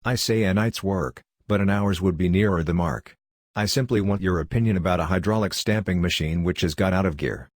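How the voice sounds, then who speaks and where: Secretive, insistent middle-aged colonel, read by a man in a low, dry voice. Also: brisk, dry recording. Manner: insistent, probing.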